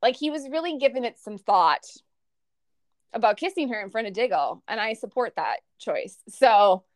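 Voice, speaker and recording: A woman's voice: a little high, animated, moderate pace, no echo. A young woman co-hosting a podcast, chatting casually and animatedly, with lots of laughter and filler words. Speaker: podcast co-host. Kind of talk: casual chat.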